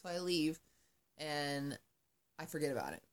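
A woman chatting casually, telling a story in a profane, animated way. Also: sits low, unhurried. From Arizona. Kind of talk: casual chat.

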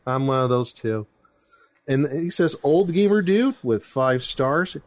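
A man's voice: medium pitch, expressive, unhurried, no echo. A middle-aged man hosting a casual podcast, reading listener reviews aloud with jokes, close to a dry mic. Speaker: podcast host.

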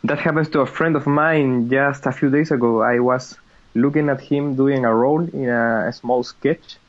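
A man's voice: mid-range voice, steady tone, moderate pace, dull audio. A man joining a casual podcast chat, chiming in with short friendly remarks.

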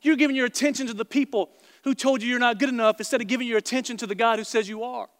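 High-voiced preacher in an echoing hall. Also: male voice. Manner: animated storytelling, quick asides to the congregation. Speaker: pastor. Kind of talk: sermon. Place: large church auditorium before a congregation. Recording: long hall reverb in a large room.

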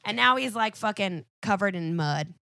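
Bright, animated woman retelling a story. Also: medium pitch, normal speed, creaky, dry recording, studio quality. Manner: animated, profane retelling that acts out every character. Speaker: guest. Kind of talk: casual podcast chat.

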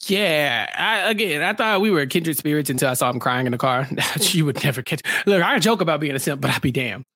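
A man's voice: a little high, fairly quick, dry recording. Playful slangy man, dry close sound. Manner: animated, playful, slangy, acts out quotes. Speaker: podcast co-host. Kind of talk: casual recap chat.

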